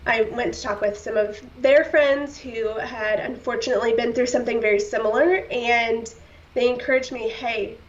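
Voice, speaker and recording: A woman with a fairly high voice speaks as a podcast guest, recounting her own story in a candid, heartfelt way. She leans on fillers and slips in brief laughs. Her voice sits a little back from the mic, and the sound is somewhat dull. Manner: heartfelt, earnest, with short laughs and many fillers. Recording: slightly distant, dull-sounding.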